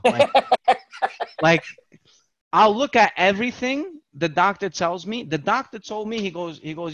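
High-voiced man in animated casual chat. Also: no echo, muffled recording. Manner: animated, self-mocking, rapid rambling. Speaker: podcast co-host.

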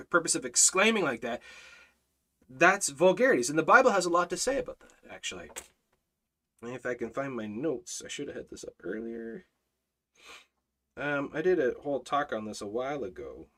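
A man's voice: fairly high pitch, sharp tone. A man hosting a Bible study, speaking earnestly and emphatically, reading out scripture and restarting his sentences often.

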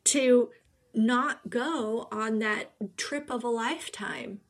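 A woman's voice: fairly high pitch, takes it slowly. A woman co-hosting a casual podcast chat, emphatic and full of rhetorical questions, laughing often. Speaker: podcast co-host.

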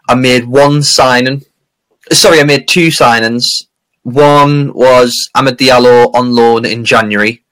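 A man's voice: mid-range voice, fairly bright tone, low-quality recording. A man co-hosting a casual podcast, rambling and laughing often as he tells stories. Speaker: podcast co-host. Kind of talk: casual chat.

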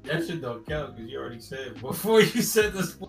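A man chats in a relaxed way on a casual podcast, teasing his co-host and laughing often. His voice sits at a middle pitch. Music plays clearly behind him. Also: fairly quick. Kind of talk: casual chat.

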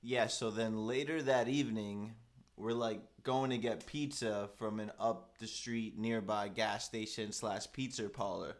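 A man's voice: fairly low pitch, a little slow. A young man casually telling a story with lots of fillers, acting out the voices of the people he quotes. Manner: animated, filler-heavy, acts out quoted voices.

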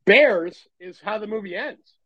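A man's voice: high-pitched, lively intonation, unhurried, a bit bright, no room sound, dull audio. A man co-hosting a podcast, chatting casually about a comedy film, rambling and often breaking into laughter. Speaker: podcast co-host. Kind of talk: casual movie review chat.

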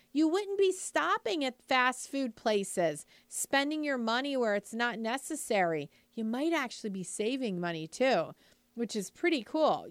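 A chatty woman with a high, smooth voice gives an upbeat motivational talk to moms. She talks casually, sprinkles in "like" and "you know", and keeps asking the listener questions. The sound is dry and close. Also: no echo. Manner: asks the listener rhetorical questions. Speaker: lifestyle speaker addressing moms.

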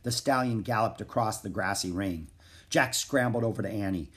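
A man narrating a children's chapter book in a steady, measured reading voice. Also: fairly low pitch. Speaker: audiobook reader.

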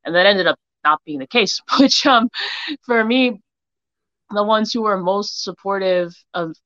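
A young woman author from Hawaii who grew up in Utah chats casually as an interview guest, giggling often and peppering her speech with "like." Her voice is medium-pitched, a bit bright and a little slow. The recording is dry, with the highs cut off.

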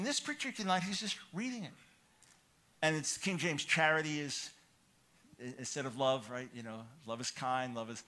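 A man preaching a sermon, telling a personal story with animated, rising excitement, then calling listeners to change. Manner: animated storytelling, grows loud and high when excited.

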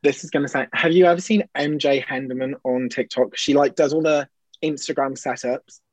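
A man's voice: medium pitch, fairly even intonation, brisk, no room sound. A young man from Wales, his accent worn down towards a posh English one, chatting as a podcast guest over a video call in a dramatic, self-mocking way. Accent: Welsh with a softened posh English edge. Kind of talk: casual chat on a video call. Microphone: video call laptop mic. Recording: noisy video call line.

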